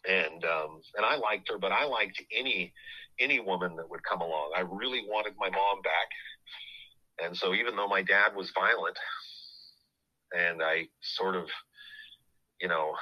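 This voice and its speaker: A middle-aged man hosting a podcast, telling a family story in a halting, casual way full of restarts. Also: low voice, muffled recording.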